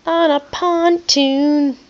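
A woman's voice: high voice, steady tone, drawn-out words, highs cut off, slight background noise. A woman talking playfully to a toddler in a coaxing, sing-song way, recorded on a phone. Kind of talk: home video chat with a small child.

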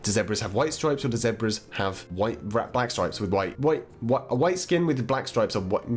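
A man's voice: mid-range voice, expressive, moderate pace. An English man hosting a gaming channel, chatting playfully and babbling to viewers as he plays through a game. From England. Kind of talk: let's-play game commentary.

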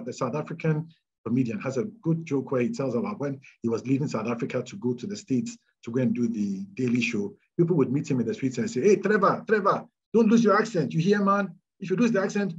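A man from Ghana with a Ghanaian accent, giving career advice in an animated, emphatic way and repeating his key points. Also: medium pitch, breathy edge, muffled recording. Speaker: speaker answering audience questions.

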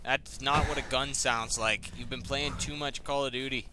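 A man chatting casually while playing a co-op zombie game with a friend, joking and bursting into shouts when the action picks up. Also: mid-range voice, steady tone, normal speed. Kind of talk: casual let's-play chat. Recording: loud game noise under the voice.

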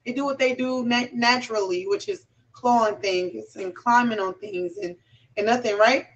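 A woman chatting casually as an interview guest, telling animated stories with laughs and restarts. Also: on the high side, normal speed, far from the mic, muffled recording.

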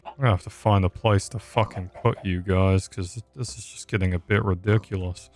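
A man's voice: deep voice, fairly even intonation, brisk, a little mellow. Sarcastic sweary man. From England. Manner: sarcastic, swearing, rambling jokes. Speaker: gaming YouTuber. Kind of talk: casual gameplay commentary.

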